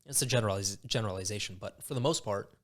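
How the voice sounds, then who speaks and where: A man on a podcast giving a measured, reflective take in casual conversation. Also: fairly low pitch. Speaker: podcast guest.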